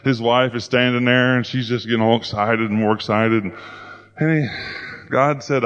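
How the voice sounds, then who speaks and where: A man preaching in a folksy, storytelling way, with plenty of play in his delivery. His voice sits at a middle pitch. The recording sounds dull and lo-fi. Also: moderate pace. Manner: folksy storytelling, playful and animated. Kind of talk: sermon.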